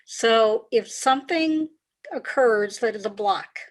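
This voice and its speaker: A woman executive coach, a podcast guest, explaining ideas in a measured way and repeating key phrases. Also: fairly high pitch. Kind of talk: conversational interview.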